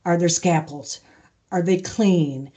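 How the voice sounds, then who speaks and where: Calm low-voiced woman in an interview. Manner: calm, measured storytelling with many restarts. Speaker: podcast guest, aviation maintenance leader. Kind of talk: conversational interview.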